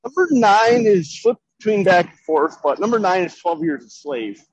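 A man's voice: sits high, animated, moderate pace, slightly rough, dry recording, dull audio. A man co-hosting a casual podcast chat, earnestly going through his list. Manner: earnest, list-making, enthusiastic. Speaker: podcast co-host.

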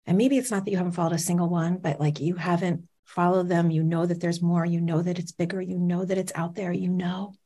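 A woman's voice: fairly low pitch, fairly even intonation, a little fast, hardly any pauses, mellow. A woman in her forties, a motivational speaker, telling a personal story on stage with dramatic pacing and questions to the audience.

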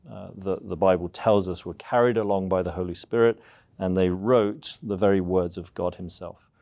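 A man from southeast England with an English accent, a seminary professor answering interview questions in a measured, explanatory way. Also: sits low, steady tone, creaky, darkish tone. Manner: measured, explanatory, frequent "uh" fillers.

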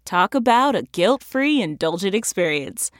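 A woman's voice: mid-range voice, very animated, normal speed, no room sound, studio quality. A woman reading a scripted ad in an upbeat, playful way. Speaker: ad announcer. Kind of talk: scripted ad read.

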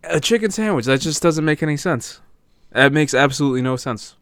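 A man's voice: on the high side, lively intonation, brisk, a bit bright, smooth. A man co-hosting a podcast in casual chat, ranting with mock indignation. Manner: mock-indignant and emphatic in rants. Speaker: podcast co-host.

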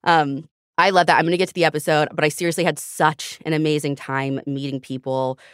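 A woman in her thirties hosts a podcast with a slightly low voice, talking quickly and animatedly with plenty of laughter. Her voice is recorded close and dry on a studio mic, with no room sound at all. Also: fairly even intonation, clean tone, no echo. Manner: chatty, fast-talking, laughing. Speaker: podcast host. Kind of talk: casual chat.

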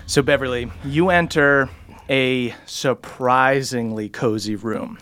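Relaxed man narrating a game. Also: mid-range voice, slow, clean tone, dry recording. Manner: relaxed descriptive narration with fillers. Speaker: game master.

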